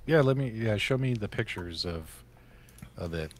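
A man's voice: lowish voice, moderate pace. A man co-hosting a casual podcast chat, friendly and steering the topics. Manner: lively, friendly, leads topics. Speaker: co-host.

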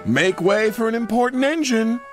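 A man's voice: mid-range voice, big pitch swings, normal speed, voice pushed up, natural voice. A man voicing a vain, boastful male steam engine with a haughty, show-off manner. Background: music.

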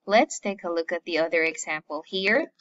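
A woman's voice: on the low side, moderate pace, a bit bright, dull audio. A woman teacher from the Philippines giving an online literature lesson, patiently explaining and listing terms one by one.

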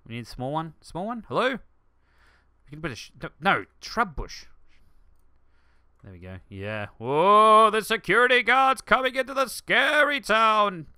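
A man hosting a let's play, rambling excitedly through gaming commentary and jumping to shouts. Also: high-pitched, measured pace, clean tone, no room sound, studio quality.

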